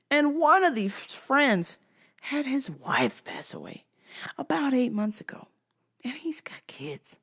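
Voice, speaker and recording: A woman hosting a vlog, telling stories in an animated, profane and exasperated way. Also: a little high. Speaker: host.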